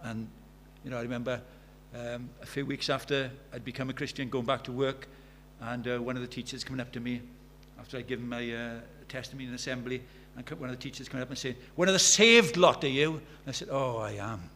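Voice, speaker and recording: A fast-talking man in his sixties preaches with hardly any pauses, in a level tone and a somewhat bright medium-pitched voice. His earnest sermon includes storytelling asides and climbs to fervent emphasis, with a faint hum in the background.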